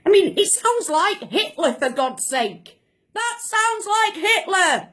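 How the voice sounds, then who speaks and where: Very high-pitched, furious woman. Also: very animated, takes it slowly, a bit bright. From Britain. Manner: impassioned, repeats phrases for emphasis. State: angry, shaking. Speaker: vlogger. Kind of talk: political rant to camera.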